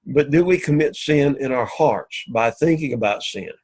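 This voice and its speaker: Male teacher, husky voice, patient repetitive classroom lecture. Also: medium pitch, expressive, moderate pace, darkish tone. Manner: methodical, repetitive explaining. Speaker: Greek teacher.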